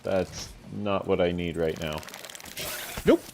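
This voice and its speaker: A man's voice: low voice, steady tone, slow pace, darkish tone, a little hiss or hum. A man giving chatty let's-play commentary, talking the viewer through a game and teasing the enemies aloud. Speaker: gameplay commentator.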